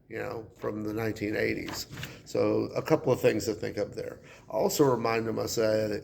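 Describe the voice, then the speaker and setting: A male high school English teacher, explaining a poem in a relaxed, conversational way. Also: moderate pace, vocal fry, slight background noise. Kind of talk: classroom lesson explanation.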